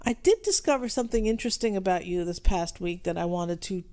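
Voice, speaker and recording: A woman's voice: fairly low pitch, animated, fairly quick, a little mellow. A woman co-hosting a casual podcast chat, teasing and questioning her partner. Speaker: podcast co-host.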